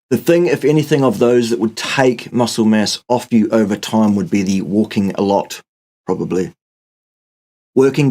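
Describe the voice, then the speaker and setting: A man hosting a live nutrition Q&A, joking dryly, then answering in a slow, measured way. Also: low voice, darkish tone. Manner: dry, joking, measured when explaining. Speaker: host. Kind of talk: live Q&A chat.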